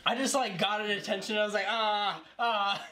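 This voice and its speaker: A young man in casual chat, telling a deadpan story. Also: sits high, quick pace, over a noisy crowd. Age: young adult.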